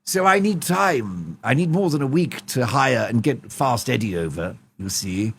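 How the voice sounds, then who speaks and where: A man's voice: mid-range voice, big pitch swings, vocal fry, fairly bright tone, a little hiss or hum, heavily acted. A man putting on an impression of a plummy, pompous older king who rambles and keeps trailing off with "you see". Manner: pompous, ends phrases with a drawn-out "you see".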